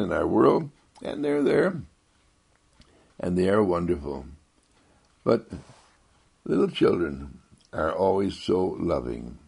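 A man giving a gentle inspirational monologue, soft-spoken and rambling, repeating himself and chuckling often. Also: creaky, breathy edge. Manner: swoops high when quoting others.

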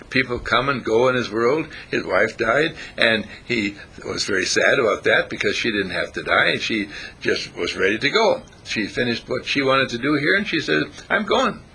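A man's voice: mid-range voice, pushed and bright, breathy edge. A man giving an informal spiritual talk to a small group, asking his listeners questions and chuckling often. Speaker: spiritual teacher.

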